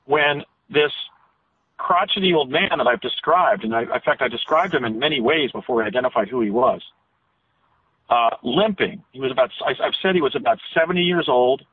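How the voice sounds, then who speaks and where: A man's voice: medium pitch, lively intonation, a little fast, husky. A man being interviewed by phone, telling a detailed story with frequent restarts and self-corrections. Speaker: interview guest. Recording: tinny phone line.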